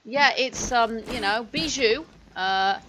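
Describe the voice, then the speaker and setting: A woman's voice: on the high side, slow pace. A woman hosting a co-op game session, chatting casually and laughing often. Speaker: let's-play host. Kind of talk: casual gaming chat. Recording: background noise.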